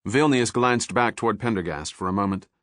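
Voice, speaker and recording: Low-voiced man narrating an audiobook. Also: a little fast, a bit bright, dry recording, clean studio sound.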